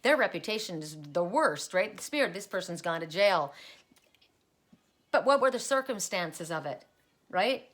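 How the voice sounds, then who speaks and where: Woman card reader, middle-aged, low-ish voice, thinks out loud and repeats messages as she goes. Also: expressive, moderate pace. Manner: musing aloud, repeating card messages, rambling asides. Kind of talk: solo oracle card reading.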